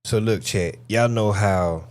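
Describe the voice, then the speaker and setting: A man hosting a live stream, reacting to clips and chatting casually with his audience in a loud, profane, joking way. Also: lowish voice, slow pace. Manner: excited, profane, laughing banter with chat.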